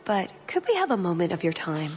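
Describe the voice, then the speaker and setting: A woman's voice: on the low side, sing-song, a little fast, a little mellow, faint music behind. An actress voicing a sly female rogue in a video game, polite and wry. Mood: scheming.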